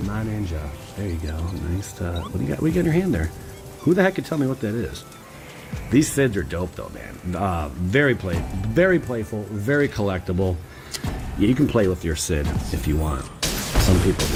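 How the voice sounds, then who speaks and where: A man chatting casually to viewers as he opens card packs, rambling and excitable with slangy asides. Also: low-pitched, brisk, music in the background. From Cleveland area, Ohio. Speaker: card-opening streamer. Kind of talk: casual chat while opening card packs.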